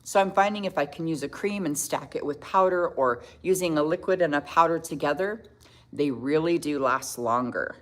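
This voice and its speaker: In a low-pitched voice, a middle-aged woman hosts a laid-back makeup tutorial livestream. She's talkative, voices viewer comments aloud and breaks into laughter quickly.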